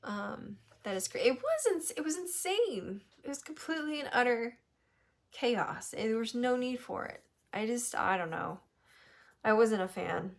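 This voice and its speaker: A woman from New Hampshire telling a story in casual chat, animated and swearing, laughing often. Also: on the high side, a little slow, gravelly. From New Hampshire, USA. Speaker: podcast host.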